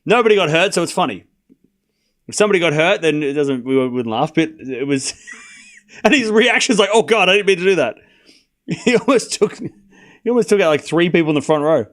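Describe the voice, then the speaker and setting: A man hosting a live tennis watchalong stream, chatting casually and laughing often, then calling points in a quieter play-by-play. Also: a little high, lively intonation, moderate pace, pauses often.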